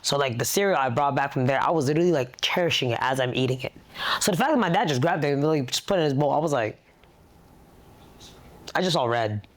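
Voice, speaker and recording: A young woman telling a personal story in a therapy session, animated and blunt, swearing freely. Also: a bass voice, fast talker. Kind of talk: casual storytelling.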